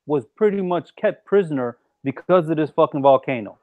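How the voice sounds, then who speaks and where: A man's voice: on the high side, expressive, brisk, phone-quality sound. A man co-hosting a casual talk show, blunt and mocking, swearing freely. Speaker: podcast co-host. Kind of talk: casual chat.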